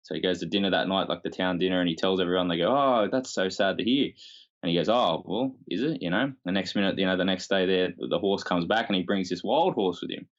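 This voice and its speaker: Male podcast host, very low voice, slightly dull audio, reflective and rambling. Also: flat delivery, quick pace, few pauses. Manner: reflective, rambling with filler words. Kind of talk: casual conversation.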